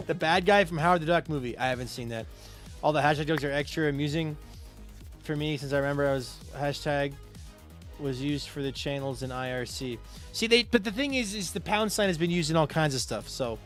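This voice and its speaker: A man streaming a game, chatting casually and answering his viewers' chat with quick asides. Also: a little high, soft background music. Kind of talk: casual live-stream chat while gaming.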